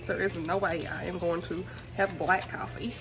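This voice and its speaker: A woman's voice: lowish voice, steady tone, normal speed, over music, low-quality recording. A woman chatting casually as a book vlogger, giggly and talkative. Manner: chatty, giggly, often says y'all. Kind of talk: casual chat.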